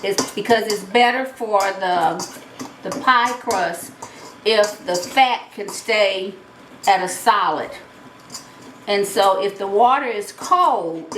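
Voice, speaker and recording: A woman's voice: mid-range voice, takes it slowly, fairly bright tone, faint music behind. A woman with a Southern US accent hosting a home cooking show, explaining each step in a chatty way. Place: home kitchen. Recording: roomy, mic at a distance.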